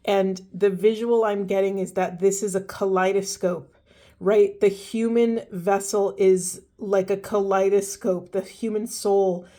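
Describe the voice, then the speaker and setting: A woman in a middle-pitched voice gives a spiritual oracle card reading straight to her viewers. She speaks earnestly and from the heart, pausing now and then to restart her thoughts. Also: steady tone, warm tone. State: teary-eyed.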